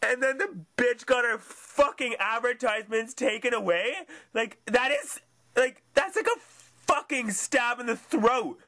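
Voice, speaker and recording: A man's voice: extremely high pitch, expressive, measured pace, pushed and bright. A young man recording himself while crying, swearing heavily in distraught outbursts. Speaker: vlogger. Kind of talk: distraught self-recorded rant.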